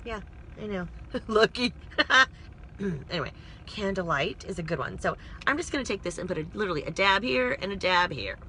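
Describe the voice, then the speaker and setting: A woman's voice: fairly low pitch, sing-song, fast, pushed and bright, slight background noise. A woman casually rambling through a makeup tutorial from inside a parked car, talking to her phone camera with self-deprecating asides. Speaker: vlogger doing a makeup tutorial.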